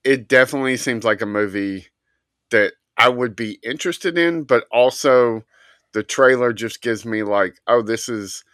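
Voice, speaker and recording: A man co-hosting a casual movie talk, speaking hesitantly and measured. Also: mid-range voice, a bit bright, no echo. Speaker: podcast co-host.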